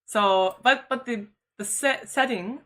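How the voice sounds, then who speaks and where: A woman streamer with a slightly high, slow, bright and forceful voice tells a personal story in casual chat. She talks loosely, stuffing her sentences with "like" and "you know." It's chatty and filler-heavy, with "like" showing up constantly.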